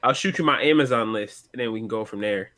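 A man's voice: lowish voice, quick pace, pushed and bright. A man co-hosting a podcast in casual chat, laid-back and slangy, laughing often. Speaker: podcast co-host. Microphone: remote call.

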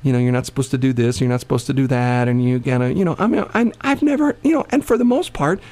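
A man's voice: medium pitch, lively intonation, fast, darkish tone. A man casually telling a long anecdote in conversation, rambling with many restarts and bursts of laughter. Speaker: storyteller in a conversation.

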